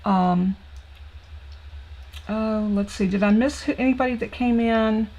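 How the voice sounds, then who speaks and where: A Southern woman from the US demos card-making on a live crafting stream, gushing and chatty, thinking aloud with plenty of ums. Her voice sits on the high side with a darkish tone and a measured pace, and the recording is muffled.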